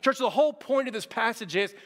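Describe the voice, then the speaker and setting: A man's voice: very high voice, animated, fairly quick, fairly bright tone. A man preaching a sermon as pastor, in a loose, conversational way full of fillers and restarts. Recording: long hall reverb.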